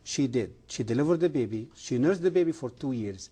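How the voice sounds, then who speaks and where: A man's voice: mid-range voice, animated, warm tone, husky. Earnest man preaching. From Egypt. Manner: earnest, emphatic, halting non-native grammar. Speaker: guest. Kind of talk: testimony and preaching on a TV interview.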